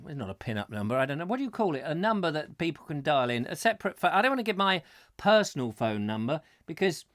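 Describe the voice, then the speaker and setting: Lively, chatty male host. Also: fairly high pitch, fast talker. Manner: chatty, theatrical, rambling asides. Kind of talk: live chat show, reading viewer comments.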